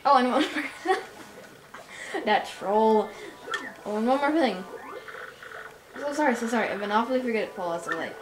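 A woman's voice: a little high, expressive, unhurried, long pauses, background noise. A woman doing a cranky old tribal elder. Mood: scolding. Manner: scolding, gruff, forgetful. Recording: roomy with game music behind.

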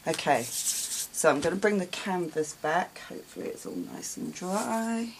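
A woman hosting a real-time craft tutorial, talking quietly to herself as she works. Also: lowish voice, very animated, a little hiss or hum. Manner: unhurried, talks while working, quiet asides.

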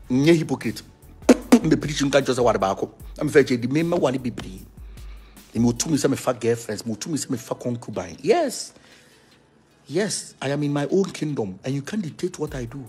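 A man with a Ghanaian accent, the leader of a spiritual movement, chatting casually with viewers. He teases them in a lively way and switches between Twi and English. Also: fairly high pitch, breathy edge. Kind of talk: casual talk reacting to viewers.

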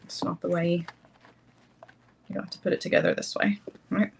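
A woman's voice: on the low side, level tone, fairly quick, creaky, darkish tone, breathy edge. A middle-aged woman hosting a jewelry-making livestream, chatting casually, reading viewer comments and laughing often.

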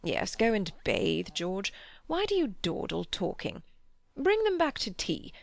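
A woman voicing a genial, talkative middle-aged clergyman in an audiobook, with a gravelly edge. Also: mid-range voice, wildly swooping pitch, measured pace, no room sound, heavily acted. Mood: amused. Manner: amused, talkative.

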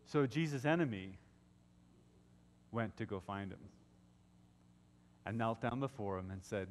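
A male pastor preaching in a church sanctuary. He takes his time and tells the story with drama, sinking into hushed tones for effect. His voice trails off in a long, ringing church reverb. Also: lowish voice, animated, measured pace, long pauses, a little hiss or hum. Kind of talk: Easter sermon.

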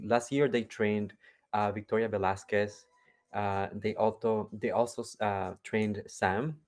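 A man giving excited, rambling reaction commentary on a pageant. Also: lowish voice. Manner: animated, rambling, fond of "you know".

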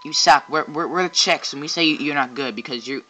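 A man's voice: a little high, a little fast, sharp tone. A man voicing a group of mocking girls who sneer and stumble over their words.

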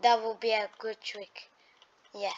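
A woman doing excitable let's-play gameplay commentary, talking to the enemies and breaking into sudden shrieks of alarm. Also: fairly high pitch, unhurried. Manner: talks to enemies as she plays. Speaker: gaming YouTuber. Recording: dull lo-fi mic.

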